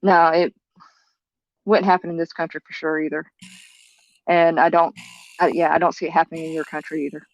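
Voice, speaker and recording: A woman's voice: low voice, level tone, a little fast, pauses often, no room sound. A woman with a Southern US accent co-hosting a livestream, speaking hesitantly with frequent restarts. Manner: hesitant, restarts, addresses viewers as y'all. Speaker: livestream co-host. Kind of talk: livestream chat. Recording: dull dry stream audio.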